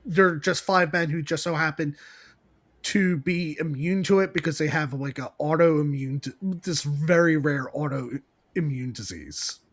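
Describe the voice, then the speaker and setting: A man's voice: fairly high pitch, measured pace. A man co-hosting a podcast, recapping a comic in a rambling, giggly way and laughing often as he talks. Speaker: podcast co-host. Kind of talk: casual comic-book recap chat.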